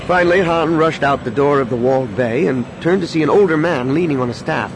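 A man narrating an audiobook in a steady, expressive storytelling manner. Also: fairly high pitch, brisk, noisy background.

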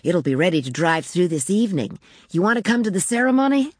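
A woman's voice: lowish voice, sing-song, quick pace, husky, no room sound, clean studio sound. A woman voicing an earnest young boy in a storybook, who speaks in a matter-of-fact, eager way. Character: earnest young boy, busy tunnel-builder.

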